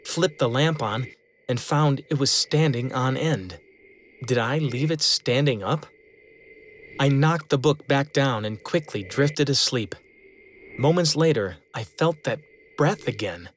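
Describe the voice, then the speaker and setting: A man telling a first-person eerie story in a measured, steady way, slowing down at tense moments. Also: mid-range voice, slight background noise.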